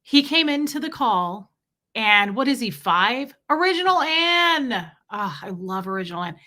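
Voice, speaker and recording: A woman hosts a casual livestream, reading out viewer names and drifting into rambling stories. Her voice is bright and forward and sits a little high. It jumps up for greetings and sinks low and quiet for side comments. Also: sing-song, unhurried. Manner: chatty, warm toward viewers, rambling asides. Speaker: livestream host.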